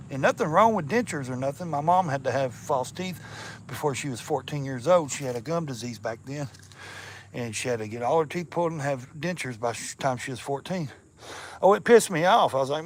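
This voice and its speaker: A man's voice: medium pitch, expressive, normal speed, a little hiss or hum. A man with a slight lisp on his s sounds, talking casually while he works on a motorcycle, joking, swearing freely and chatting with viewers. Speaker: motorcycle vlogger. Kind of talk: casual chat while wrenching.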